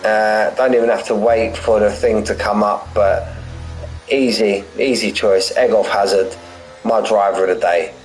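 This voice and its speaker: A man's voice: fairly low pitch, steady tone, unhurried, faint music behind, poor audio. A man commentating a sim racing league, casual and chatty, calling drivers "mate" and saying he's buzzing for them. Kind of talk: live race commentary and chat.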